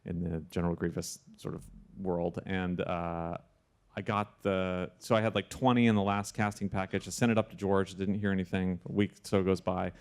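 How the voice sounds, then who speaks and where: A man, a sound supervisor, telling a story in a casual interview with animated delivery and frequent restarts. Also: deep voice, moderate pace, clear, resonant tone.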